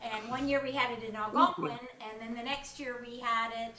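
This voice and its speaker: A woman's voice: fairly high pitch, fairly even intonation, a little fast, a crowd in the background. A woman in her sixties hosting a home ukulele jam, chatty, laughing easily as she introduces songs and teaches a strum. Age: 60s. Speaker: host and song leader. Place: home kitchen. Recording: roomy kitchen, distant mic.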